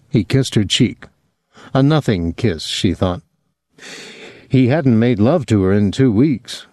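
A male audiobook narrator with a mellow, warm tone and a lively, rising and falling delivery. The recording is dry and close, with no room sound. He tells the story in a measured, expressive way. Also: on the low side, no room sound. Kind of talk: scripted narration.

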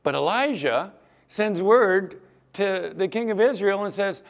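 Animated male pastor preaching. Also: high-pitched, measured pace, creaky. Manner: animated, acts out Bible scenes in voices. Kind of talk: sermon.

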